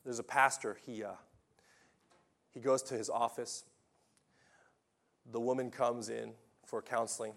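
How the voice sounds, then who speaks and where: Slow gravelly preaching man. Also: medium pitch, level tone. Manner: dramatic preaching, swinging between loud emphasis and quiet asides. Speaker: pastor. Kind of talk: sermon.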